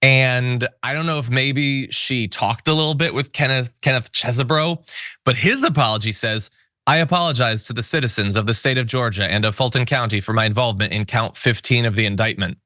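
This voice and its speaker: A man's voice: medium pitch, fairly quick, sharp tone, dry recording, studio quality. A man hosting a political news show, talking in a wry, sarcastic way and reading out viewer comments.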